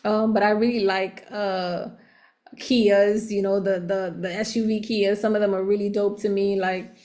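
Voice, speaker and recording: A woman's voice: medium pitch, unhurried. Chatty woman giving a tarot reading. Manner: chatty and animated, laughs often; slangy, relaxed talk. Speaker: tarot reader.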